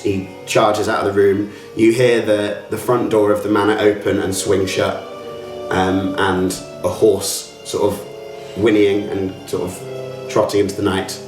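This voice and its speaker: A man's voice: fairly low pitch, flat delivery, a little slow, music in the background. A man narrating a tabletop game as game master, rambling with many fillers. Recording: roomy, from a distance.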